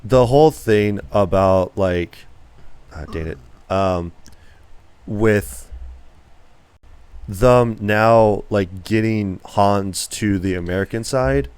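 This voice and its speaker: Casual young man with a smooth voice. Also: fairly low pitch, takes it slowly, pauses often, a little mellow, no echo. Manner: rambling, filler-heavy, acts out quotes. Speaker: podcast co-host. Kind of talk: casual movie review chat.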